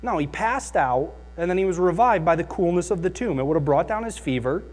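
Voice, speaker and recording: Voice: medium pitch, lively intonation, a little fast, natural voice. Skeptical firefighter coworker, dismissive and argumentative, put on by a preacher.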